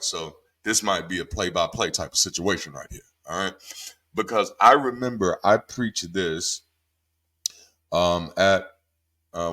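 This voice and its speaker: A former pastor delivers a casual Bible commentary with emphatic, animated energy. He swears freely and swings from calm, low talk to sharp, high-pitched outbursts.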